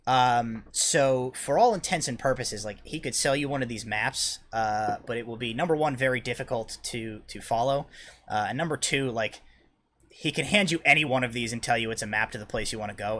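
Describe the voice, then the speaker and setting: A man's voice: mid-range voice, fairly quick, fairly bright tone. A young man running a tabletop game as dungeon master, narrating in a loose, rambling way with many fillers and restarts.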